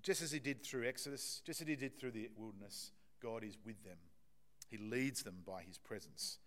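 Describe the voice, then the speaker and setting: A man delivers a sermon in a relaxed, conversational manner, on emphasis and repeating himself as he works through the text. His voice sits in an ordinary middle register, and his delivery is full of small restarts and fillers. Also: mid-range voice, moderate pace. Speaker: preacher.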